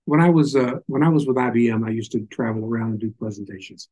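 Older man, Southern accent, informal sermon, folksy storytelling, mellow husky voice. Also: mid-range voice, fast talker, rough recording. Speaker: Bible teacher.

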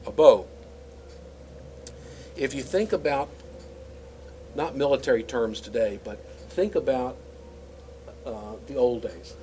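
A man's voice: medium pitch, slow pace, long pauses, warm tone, slight background noise, rough recording. A man teaching scripture in a conversational, explanatory way, with frequent fillers and restarts. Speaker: Bible teacher.

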